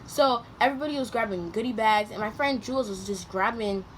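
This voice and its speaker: Young woman vlogging, highish voice, slangy and animated, jumps loud when she quotes people, some noise behind. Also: brisk. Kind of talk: casual storytelling to camera. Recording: noticeable background noise.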